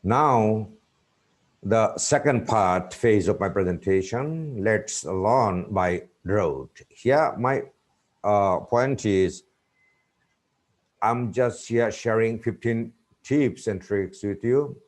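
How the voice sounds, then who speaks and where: Male university lecturer, slow and deliberate, lowish voice, webinar talk. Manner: slow, deliberate, repeats example words.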